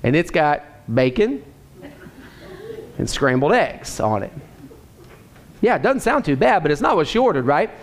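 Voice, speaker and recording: High-voiced pastor telling a joke. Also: male voice, very animated, unhurried, long pauses. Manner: folksy storytelling, asks the congregation "right?". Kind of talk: sermon with a joke opener. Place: church.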